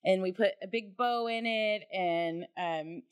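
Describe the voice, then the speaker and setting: A woman co-hosting a podcast, telling a story in a loose, animated way, laughing often and swearing casually. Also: mid-range voice, unhurried, clear, resonant tone. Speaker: podcast co-host.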